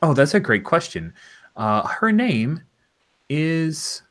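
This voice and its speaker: A man's voice: fairly high pitch, big pitch swings, takes it slowly. A man running a tabletop game as game master, genial and stumbling over fillers as he handles the dice.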